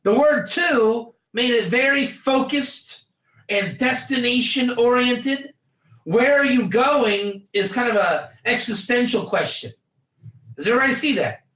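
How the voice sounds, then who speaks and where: A high-pitched man teaches an online class as a rabbi, his voice bright and ringing in an echoey room. He is animated, acts out little scenes and calls on students by name. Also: measured pace. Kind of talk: lively online Torah class.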